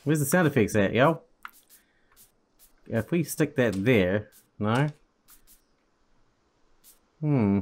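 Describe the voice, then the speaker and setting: A man's voice: mid-range voice, expressive, slow pace, long pauses. A man hosting a game demo playthrough, chatting casually and thinking aloud as he plays. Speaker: gaming channel host. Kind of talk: let's play commentary.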